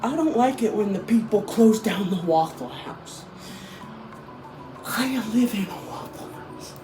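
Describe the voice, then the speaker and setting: A young man rambles through a goofy home vlog, giggling between silly jokes. His pitch swings widely while he keeps an unhurried pace. Music plays clearly behind him. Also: animated, reverberant, rough recording. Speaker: vlogger. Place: home during a storm.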